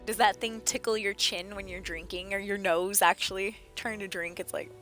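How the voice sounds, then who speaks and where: A woman livestreaming a game, chatting excitedly to her viewers while losing her voice. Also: medium pitch, moderate pace. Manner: chatty, excitable, talks to chat. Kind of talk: casual gameplay commentary. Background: game music.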